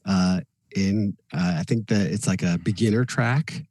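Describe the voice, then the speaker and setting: A man on a video call, introducing himself as a presenter and explaining his plans in a measured way with fillers. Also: low voice, a little mellow, no echo. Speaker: guest presenter. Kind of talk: casual chat.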